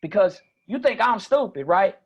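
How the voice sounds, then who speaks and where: A man voicing an excitable young Mississippi man who chatters in an exaggerated way. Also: high-pitched, normal speed, husky, muffled recording, pitched above the performer's own voice, exaggerated voice. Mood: mocking. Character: excitable high-voiced Southern young man.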